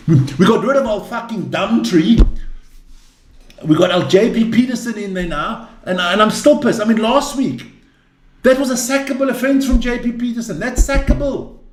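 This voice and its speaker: A man's voice: high-pitched, echoey room. A man hosting a rugby chat show, ranting and swearing, from South Africa. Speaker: rugby channel host. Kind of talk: heated casual chat.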